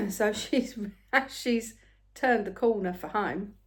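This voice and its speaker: An older woman, telling a rambling everyday story in a casual, chatty way, often soft and murmured. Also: on the high side, lively intonation, takes it slowly. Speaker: craft vlogger.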